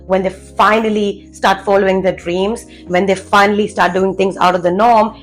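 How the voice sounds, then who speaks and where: A woman's voice: medium pitch, steady tone, normal speed, faint music behind, low-quality recording. A woman confidence coach delivering a blunt, cursing motivational rant, hammering out rhetorical questions. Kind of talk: profane motivational rant to camera.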